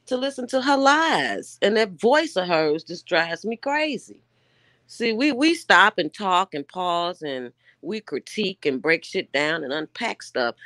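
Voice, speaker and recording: A woman's voice: medium pitch, a bit bright, no room sound. A woman co-hosting a reaction show who comments in a blunt, profane and emphatic way.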